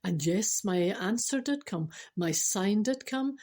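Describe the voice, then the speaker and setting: A woman's voice: mid-range voice, takes it slowly. Chatty Scottish woman telling a spiritual story. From Scotland. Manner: chatty, laughing, animated storytelling; earnest spiritual teaching. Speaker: spiritual vlogger. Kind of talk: casual storytelling to camera.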